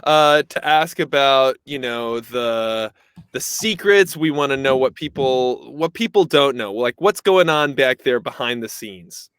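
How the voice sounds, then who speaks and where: A man hosting a comedic mock interview, playing along straight-faced with halting restarts. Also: mid-range voice, fairly bright tone, clear, resonant tone, no echo, studio quality.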